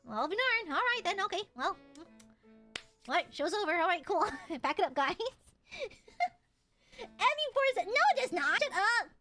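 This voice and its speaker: A woman's voice: very high-pitched, sing-song, a little slow, pauses often, pushed and bright, faint music behind. A young woman streaming and chatting casually with her viewers, giggling often and playfully whining. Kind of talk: casual livestream chat.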